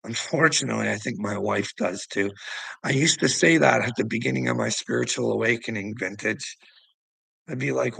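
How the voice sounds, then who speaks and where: A man's voice: medium pitch, normal speed, vocal fry, sharp tone, breathy edge, no echo, poor audio. A middle-aged man delivering an agitated, profane vlog rant. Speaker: vlogger. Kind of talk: ranting vlog monologue.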